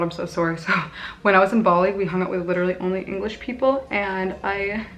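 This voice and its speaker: A woman's voice: mid-range voice, fairly even intonation, fast, a bit bright, faint music behind. Young female beauty vlogger, chatty and self-deprecating, casual tutorial talk. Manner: chatty, bubbly, self-mocking asides.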